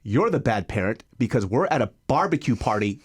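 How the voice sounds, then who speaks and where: A man's voice: mid-range voice, fairly quick, breathy edge. A man co-hosting a podcast, telling stories in casual chat and swearing freely. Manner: profane, animated storyteller. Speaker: podcast co-host.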